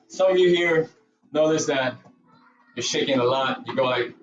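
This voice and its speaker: A man's voice: mid-range voice, moderate pace, fairly bright tone, roomy sound, recorded from a distance, dull audio. A man with a Cebuano accent teaching a movement class, cueing breathing and counting while encouraging students. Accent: Filipino, Cebuano. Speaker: yoga and movement instructor. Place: dance studio.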